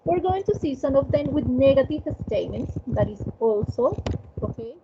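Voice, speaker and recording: High-voiced woman teaching English online. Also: animated, normal speed. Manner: frequent "okay?" checks, clear explaining. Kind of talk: online class explanation. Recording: dull lo-fi call audio with clear noise.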